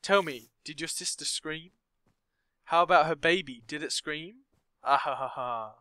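A man voicing a sinister, gloating madman who taunts slowly in a lowered voice. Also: fairly even intonation, bright, forceful tone, dry recording.

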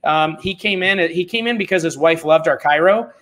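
A middle-aged man talking as a podcast guest, telling stories in a blunt, animated, informal way. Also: fairly high pitch, normal speed. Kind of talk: casual conversational storytelling.

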